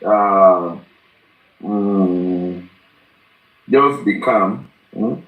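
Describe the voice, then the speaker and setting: A man moderating a live group talk, calm and soothing in manner. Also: sits low, very slow, roomy sound, distant mic, phone-quality sound.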